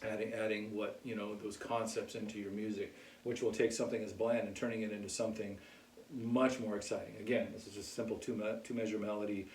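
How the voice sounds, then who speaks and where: Relaxed man teaching music, echoey room. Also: lowish voice, fast talker, slight background noise. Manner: relaxed, keeps checking in with "okay?". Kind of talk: casual music lesson. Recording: echoey room, mic far off.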